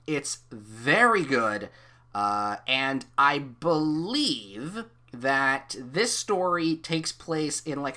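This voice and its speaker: Streamer doing a relaxed read-through of a story; slow, animated delivery, self-deprecating asides. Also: medium pitch. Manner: self-mocking, loose, swears offhand. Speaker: streamer reading an interactive novel aloud.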